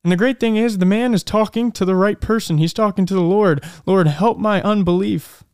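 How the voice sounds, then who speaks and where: A male podcast host gives an earnest, reflective faith talk and slows down to stress key lines. His voice is smooth and resonant. The sound is dry and close, with no room echo. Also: high-pitched, a little mellow. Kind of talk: faith-based motivational talk.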